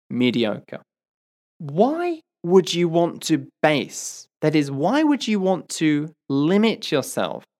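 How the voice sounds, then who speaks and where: A male English teacher hosting his own podcast, talking at an unhurried, measured pace. His pitch rises and falls with a lot of life as he drives each point home. He makes his case through a string of emphatic rhetorical questions. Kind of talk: podcast monologue.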